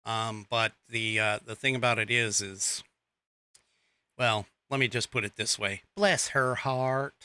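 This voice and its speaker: A male podcast host delivers a political monologue at an unhurried, drawn-out pace, with a bright, forward tone. He halts often, restarts his sentences, and slips in sarcastic asides. The sound is dry and close, with no room echo. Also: on the low side, flat delivery. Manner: rambling, halting with many fillers and restarts, sarcastic asides.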